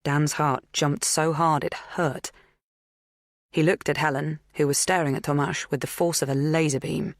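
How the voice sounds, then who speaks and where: A woman narrating a suspense audiobook in a measured, even reading. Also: sits low, dry recording, clean studio sound. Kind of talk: scripted narration.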